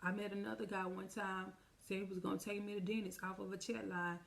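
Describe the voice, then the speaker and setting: A woman with a medium-pitched, creaky voice tells a personal story on a casual storytime vlog, speaking quickly with little pitch movement. She is chatty, talks straight to her viewers, and vividly acts out the lines of the people involved.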